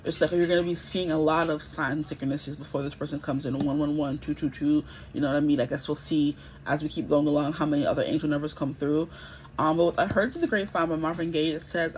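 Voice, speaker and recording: Speaking quickly in a low, steady, slightly mellow voice, a twenty-something woman rambles through a casual pick-a-card tarot reading and regularly checks in with her audience. The recording is low quality, with a bit of hiss or hum.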